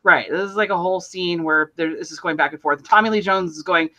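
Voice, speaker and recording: A woman co-hosting a podcast, retelling a film plot in a rambling, animated way and acting out the lines. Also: on the low side, fairly quick, few pauses, lo-fi sound. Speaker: podcast co-host. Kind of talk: casual film discussion.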